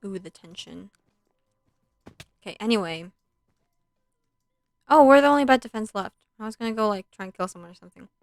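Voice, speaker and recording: A woman's voice: mid-range voice, animated, a little fast, long pauses, soft background music. A young woman streaming a video game, chatting casually and retelling a film in between plays, with lots of likes and ums. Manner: chatty, scattered, filler-heavy, swears at the game.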